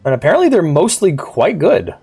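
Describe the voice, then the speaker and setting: Streamer with a cough, voice jumps all over, shouting at the game. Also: medium pitch, fairly quick, breathy edge, soft background music. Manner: animated, yelps and shouts at the game character. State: sick, coughing. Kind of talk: casual live gameplay commentary.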